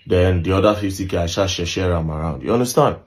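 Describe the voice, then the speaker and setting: A man's voice: low-pitched, quick pace. A young adult man with a Nigerian accent telling a story in casual talk, mixing Pidgin and English and often asking "you understand?". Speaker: social media commentator.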